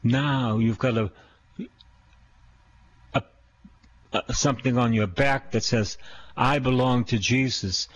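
A man's voice: mid-range voice, steady tone, slow pace, long pauses, dull audio. A man preaching a sermon as a priest, emphatic, repeating phrases and putting questions to his listeners.

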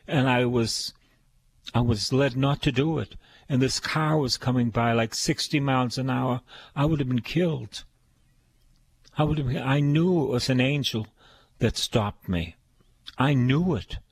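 An older man preaching a sermon, slow and emphatic, repeating his phrases. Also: medium pitch.

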